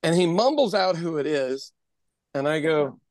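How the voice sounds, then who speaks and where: A man's voice: on the high side, moderate pace, no room sound. A man around sixty, telling stories in casual, profane chat as a podcast host. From Ireland. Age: about 60. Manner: animated storyteller, swears freely. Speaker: podcast host and pub owner.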